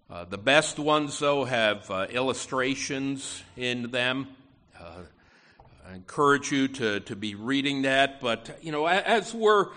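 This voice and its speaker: A man preaching a sermon, halting often with fillers and restarts as he works through a psalm. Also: mid-range voice, sharp tone. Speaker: pastor.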